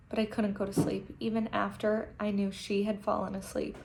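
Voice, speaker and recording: A teacher reading a children's novel aloud to her class, gentle and expressive, with emotional asides. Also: medium pitch, moderate pace, hardly any pauses, slight background noise.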